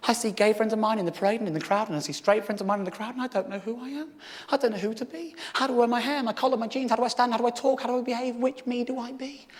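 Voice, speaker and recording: A British man in his thirties doing live stand-up. He tells a story loudly and with lots of swearing, then drops to a quiet, confessional tone. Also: very high voice, fairly even intonation, racing. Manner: loud, ranting and sweary, swinging to quiet confessional. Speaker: stand-up comedian. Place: theatre stage before a live audience. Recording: reverberant hall with audience noise.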